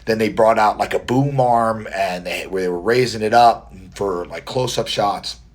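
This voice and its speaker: A man with a scratchy, strained voice, chatting quietly and rambling in a casual vlog, filmed on a phone indoors. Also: lowish voice, unhurried. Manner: talking quietly to spare his voice; rambling, friendly, many fillers and restarts. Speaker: mustache vlogger.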